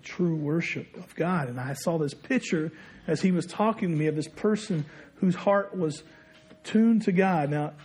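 A man's voice: a little high, a little mellow, slight background noise. A man preaching a sermon, telling a story in a conversational way and dropping his voice when he quotes others. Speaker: pastor.

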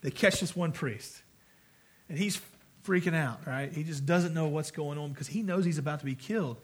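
A man's voice: on the high side, normal speed, slightly rough. A man preaching a sermon as pastor, earnest and conversational, with frequent restarts.

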